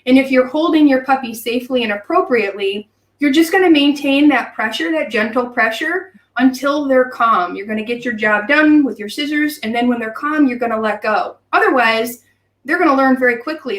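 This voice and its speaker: A woman's voice: high-pitched, fairly bright tone. Instructive woman trainer, distant roomy sound. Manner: measured, instructive, uses training terms. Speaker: dog trainer and host. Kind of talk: explanatory interview chat. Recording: roomy sound, away from the mic.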